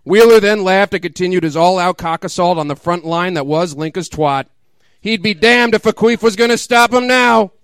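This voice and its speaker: Man, comic reading aloud, mock dramatic, laughing asides, high clear smooth voice, dry close mic. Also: normal speed, fairly bright tone, no echo. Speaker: comedic reader.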